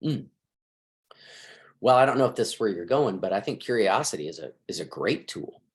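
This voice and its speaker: Animated middle-aged male marriage counselor. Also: on the low side, moderate pace. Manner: lively, acts out quoted dialogue. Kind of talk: conversational interview, giving advice.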